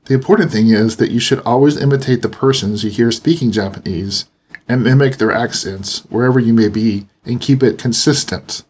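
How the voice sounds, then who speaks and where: Man with a breathy voice, teaching. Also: medium pitch, brisk, darkish tone. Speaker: language teacher. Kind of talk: instructional narration.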